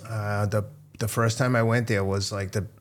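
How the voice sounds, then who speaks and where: A man's voice: on the low side, level tone, moderate pace, slight background noise. A middle-aged man talking candidly as a podcast guest, swearing freely and getting choked up. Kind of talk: candid interview talk.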